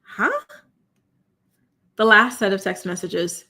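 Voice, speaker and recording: A woman hosting a live commentary stream, talking in an animated, incredulous, exclamatory way and reacting to her chat. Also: mid-range voice, slow pace. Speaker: commentary show host.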